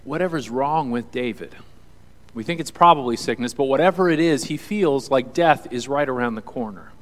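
A man's voice: medium pitch, big-room sound. A male pastor preaching a sermon to a congregation in an earnest, conversational way. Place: church hall with audience.

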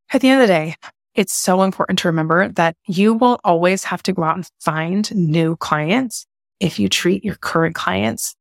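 A woman's voice: lowish voice, gravelly, no room sound, clean studio sound. A woman hosting a solo podcast who talks passionately and candidly to her listeners, swearing casually as she gets fired up. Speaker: podcast host.

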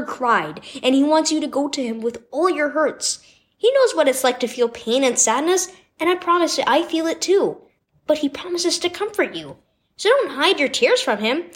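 A woman reading a scripted children's devotional story in an expressive storytelling manner. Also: sits high. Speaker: devotional reader.

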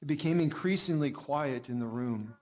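A man preacher telling a story in first person as a character, shifting from animated to hushed. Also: mid-range voice, normal speed. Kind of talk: first-person dramatic sermon monologue.

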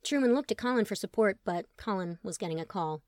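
A woman's voice: fairly low pitch, fast, creaky, few pauses, darkish tone, no echo, studio quality. Wry woman narrating an audiobook.

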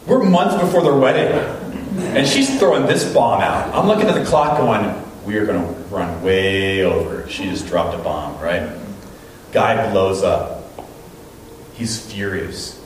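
A man's voice: on the low side, unhurried, slight background noise. A man preaching a sermon as a pastor, telling stories and acting out what people said. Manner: animated storytelling, acting out quotes. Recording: very echoey room, mic at a distance.

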